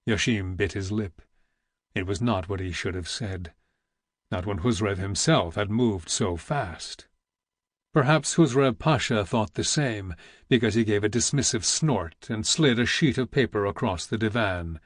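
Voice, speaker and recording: Measured male audiobook narrator. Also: on the low side, no room sound, studio quality. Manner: measured, even storytelling. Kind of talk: scripted narration.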